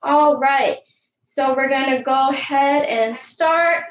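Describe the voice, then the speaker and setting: A woman coaching young girls through an online warm-up and lesson, counting aloud in an upbeat way and calling herself by name in the third person. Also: high voice, slow, lo-fi sound, a little hiss or hum. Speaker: youth sports coach. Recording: echoey room.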